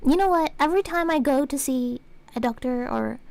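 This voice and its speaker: A woman's voice: high-pitched, a little fast, gravelly. An Australian woman streamer chatting casually and acting out conversations as she tells stories. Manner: animated storytelling, acts out exchanges. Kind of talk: casual chat.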